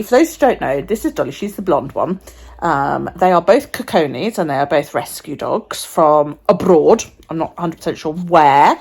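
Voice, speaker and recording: Brief: woman vlogger, chatty and rambling, husky tone with a lively swinging pitch, talks into a phone. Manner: chatty and rambling, swears casually, often drops to a near whisper. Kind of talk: casual chat. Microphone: phone held by the speaker.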